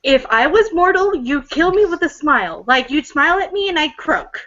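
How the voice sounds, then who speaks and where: A woman's voice: high-pitched, very animated, fairly bright tone, dull audio. A woman playing a flustered young vampire. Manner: flustered, hurried.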